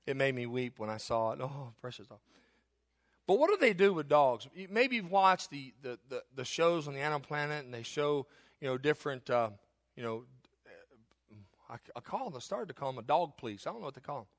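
A man's voice: mid-range voice, big pitch swings, fairly quick. A middle-aged male pastor preaching a sermon with emphatic repetition and joking asides.

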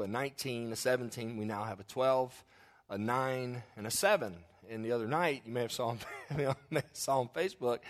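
Man, pastor, middle-aged, sermon, folksy storytelling with animated quotes. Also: medium pitch.

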